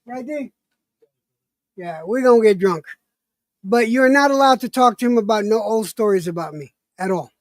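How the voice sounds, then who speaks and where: A man with a high voice trades laughing, profane banter with a friend on his stream. The sound is dry and close, with nothing of the room. He stays loose and teasing the whole time. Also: lively intonation, normal speed, long pauses, no echo. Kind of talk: casual chat.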